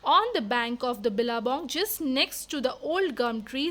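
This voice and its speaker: A woman's voice: high-pitched, animated, normal speed, a bit bright. A woman teaching reading, sounding out words letter by letter and reading simple storybooks aloud in a phonics lesson.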